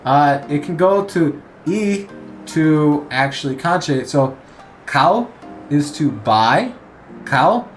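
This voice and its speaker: A man giving a casual spoken language lesson, explaining at an easy pace with many hesitant "uh"s and pauses. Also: fairly high pitch, animated, faint music behind. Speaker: Japanese language teacher.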